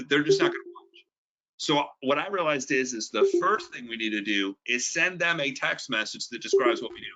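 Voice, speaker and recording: On a video call, a middle-aged man who does network marketing delivers a conversational but emphatic business pitch, going back over his main points again and again. His voice is fairly high, bright and forceful, and the call audio sounds dull and lo-fi.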